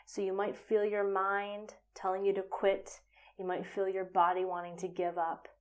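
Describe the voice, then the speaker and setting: A woman guiding a yoga and breathing practice at an unhurried, explanatory pace. Her voice sits in an ordinary middle range, and now and then it drops to a breathy whisper. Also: mid-range voice, completely flat delivery. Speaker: yoga teacher. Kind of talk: guided yoga instruction.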